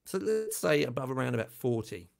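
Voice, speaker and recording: An older man hosts a relaxed livestream chat with a gravelly, slightly rough edge to his voice. He talks in a chatty, self-deprecating way and breaks into laughter often. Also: medium pitch, a little fast. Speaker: channel host.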